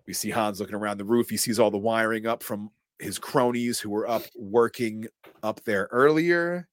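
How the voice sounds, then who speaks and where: In a relaxed scene-by-scene movie recap, a man co-hosting a podcast animatedly acts out the dialogue and casually swears here and there. He has a somewhat low voice and a moderate pace, and the dry, close recording has no room sound.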